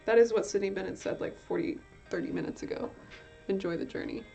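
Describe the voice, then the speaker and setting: A woman's voice: medium pitch, quick pace, vocal fry. A woman chatting on a live art stream as she draws, rambling and poking fun at herself, sometimes sliding into joke accents and swearing freely. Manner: rambling and self-mocking, with frequent swearing; tries out playful put-on accents. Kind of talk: casual live-stream chat while drawing. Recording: slightly dull stream audio with soft music behind. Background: quiet chill-hop music.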